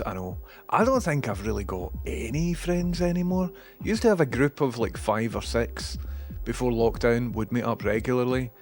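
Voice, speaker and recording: A man's voice: mid-range voice, animated, normal speed, a little mellow, soft background music. A man with a Scottish accent who streams, rambling casually and self-mockingly while reading out viewer messages.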